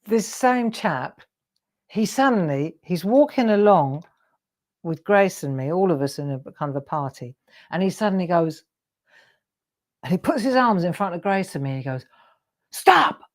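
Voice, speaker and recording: A woman's voice: lowish voice, lively intonation, moderate pace, a little mellow. An English woman hosting a live crafting show, telling rambling anecdotes and laughing often. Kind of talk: chatty storytelling while crafting.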